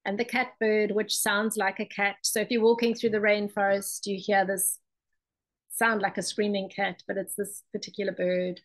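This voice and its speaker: A woman's voice: medium pitch, level tone, moderate pace, rough recording. A woman giving a chatty presentation on her art, with many ums and restarts. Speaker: ceramic and mosaic artist presenting her work. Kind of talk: presentation talk.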